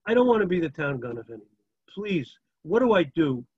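Man doing a tearful small-town thief, pleading, husky-ish, lo-fi. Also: a little high, very animated, fairly quick, no room sound.

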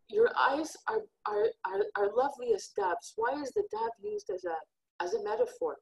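A woman's voice: extremely high pitch, big pitch swings, normal speed, gravelly, poor audio. A woman giving an earnest, heartfelt religious lesson on scripture. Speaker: Torah teacher.

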